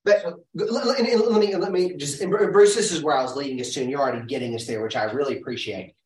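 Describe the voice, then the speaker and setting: Casting: male study leader, slightly high voice, lively and searching, distant echoey room. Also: fast talker. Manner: animated, thinks aloud with restarts and rhetorical questions. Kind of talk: teaching a group Bible study.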